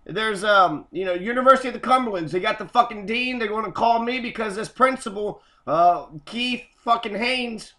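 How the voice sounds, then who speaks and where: A man's voice: sits high, moderate pace, hardly any pauses, sharp tone. A man in an angry, profane rant, cursing and repeating himself. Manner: heated, cursing, repetitive. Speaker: host.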